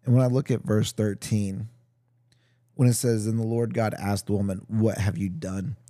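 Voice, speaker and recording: A man hosting a podcast, reading a Bible passage aloud and then reflecting on it in a thoughtful, halting, casual way. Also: fairly low pitch, steady tone, mellow, dry recording, clean studio sound. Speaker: podcast host.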